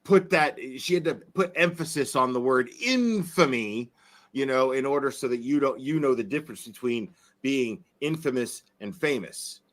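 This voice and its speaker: A man's voice: medium pitch, lively intonation, moderate pace. A man giving earnest opinion commentary in a played clip, repeating himself and stumbling over words.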